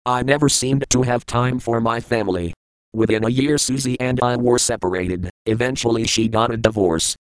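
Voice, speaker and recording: A man reading an audiobook in the first person, at a measured and reflective pace. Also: mid-range voice, clear, resonant tone, no echo, rough recording. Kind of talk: audiobook narration.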